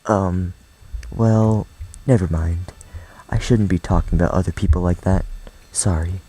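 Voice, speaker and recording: A man's voice: deep voice, steady tone, measured pace, mellow, husky, poor audio. A man doing shy bookish Yuri. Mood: timid.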